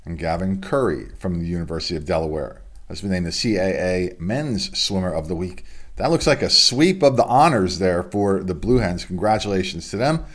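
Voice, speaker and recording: A man with a low, deep voice runs through local sports announcements from his home studio. He reads names and results in a relaxed, casual way and drops in chatty asides between items. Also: moderate pace. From United States. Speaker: sports news host.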